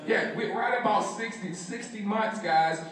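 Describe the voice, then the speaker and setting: A man's voice: high-pitched, unhurried. Hype-man emcee. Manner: energetic, repeating hype phrases. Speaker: meeting emcee. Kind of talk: hyped live emcee talk. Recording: echoey hall from far off.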